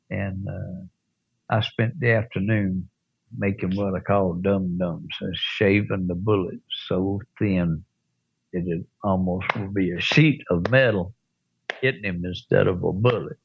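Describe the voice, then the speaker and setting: An older man, telling a rough anecdote as an interview guest with chuckles and blunt profanity. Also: sits low, steady tone, a little slow, no echo, phone-quality sound. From American South. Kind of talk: storytelling in an interview.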